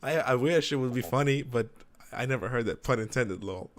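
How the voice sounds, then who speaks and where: Guy co-hosting a chat show, excitable, teases a lot, swears sometimes. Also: medium pitch, normal speed. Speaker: co-host. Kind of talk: casual chat.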